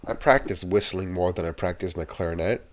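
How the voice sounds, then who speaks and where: Deep-voiced man rambling casually. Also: brisk, very noisy. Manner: meandering, drifts between tangents. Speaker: channel host. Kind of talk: casual rambling rant to camera.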